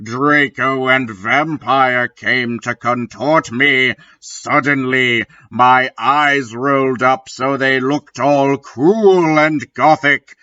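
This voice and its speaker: A man giving a comedic dramatic reading in dry, deadpan narration, on a dull lo-fi recording. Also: mid-range voice, slow pace, few pauses. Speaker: reader.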